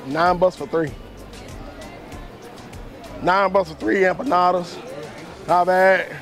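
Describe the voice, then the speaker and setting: A man with a hoarse, worn-out voice chatting casually to his viewers, with loose, slangy talk that repeats itself. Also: high voice, fairly even intonation, slow, some chatter behind. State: hoarse, voice mostly gone. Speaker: vlogger. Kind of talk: casual travel vlog talk. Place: outdoors at a cruise port and ship pool area. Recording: music playing loudly behind.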